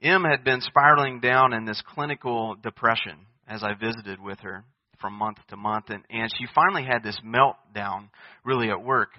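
A man's voice: mid-range voice, moderate pace, no room sound. An earnest male pastor delivering a sermon, his voice pleading and rising to emphatic peaks. The sound is dull and muffled, like a radio broadcast, with a close, dry feel.

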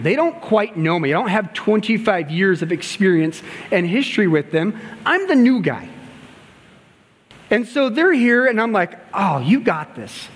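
A man preaching a sermon, telling a story and acting out the dialogue, moving between loud passages and hushed ones. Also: high voice. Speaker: pastor and gymnastics coach. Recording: long hall reverb.

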